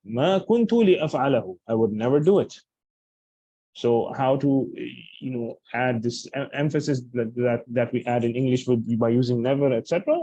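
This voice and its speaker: A man's voice: mid-range voice, warm tone, no echo, muffled recording. A man teaching Arabic grammar in a lecture, explaining patiently and restating each point with examples.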